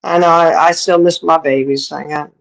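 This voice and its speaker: A middle-aged woman livestreams on a streaming setup, chatting casually and laughing often in reply to viewers. Her low voice has vocal fry and fairly even intonation at a normal speed, and the recording is low in quality.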